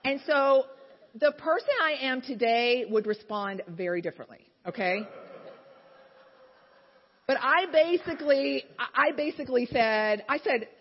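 Husky-voiced woman encouraging mothers. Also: high voice, lively intonation, moderate pace. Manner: candid, conversational storytelling with asides. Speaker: speaker at a mothers' gathering. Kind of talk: encouraging faith-based talk. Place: large hall with an audience. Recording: dull, lo-fi recording in a reverberant hall.

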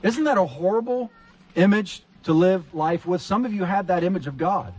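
In a dull-sounding recording, a male pastor preaches at a moderate speed, animatedly acting out a childhood tale with big, sudden pitch swings.

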